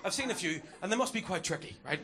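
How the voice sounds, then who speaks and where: A young comedian on a club stage, swearing freely and acting out scenes with a lively, high-pitched delivery. The live recording carries a noisy room and a crowd laughing and cheering behind him. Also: male voice. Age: young adult. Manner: rowdy, profane, acts out characters in quick bursts. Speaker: stand-up comedian. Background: audience laughing and cheering.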